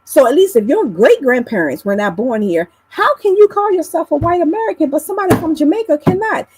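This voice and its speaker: A woman's voice: a little fast, slight background noise, low-quality recording. A woman on a live online panel, chatting casually in a teasing, blunt way with some swearing. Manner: animated with big pitch swings. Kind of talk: casual live-stream chat.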